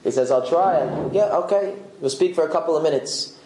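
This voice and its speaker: A man's voice: fairly high pitch, fairly quick. Man telling a story in an echoey room. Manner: animated, acting out the dialogue. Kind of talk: oral storytelling.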